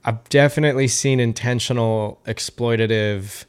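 A man's voice: medium pitch, steady tone, normal speed, smooth. A man as a podcast guest, chatting casually and thoughtfully, with many restarts and fillers.

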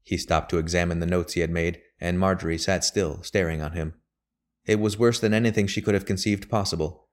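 A man narrates a classic novel in a very deep voice. His reading is steady and measured, with a calm, even delivery. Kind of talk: audiobook narration of a period novel.

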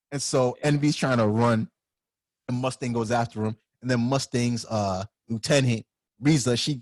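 Animated young-sounding man retelling a scene. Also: medium pitch, no room sound, clean studio sound. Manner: animated storyteller, heavy use of "like" and "yo". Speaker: podcast co-host. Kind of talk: casual retelling of anime scenes.

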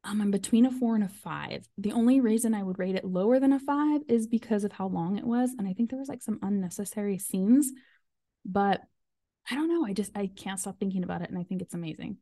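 A woman in her thirties chats on her podcast, with plenty of "um" and "like" as she goes. Her voice is mellow and dark, and the recording is dry with no room sound. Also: medium pitch, a little fast, no room sound. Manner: chatty, full of fillers and "like". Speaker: podcast host. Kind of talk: casual chat.

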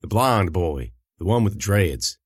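A man's voice: low voice, measured pace, husky, dry recording, studio quality. A man giving a folksy, first-person audiobook narration. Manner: folksy, lively storytelling.

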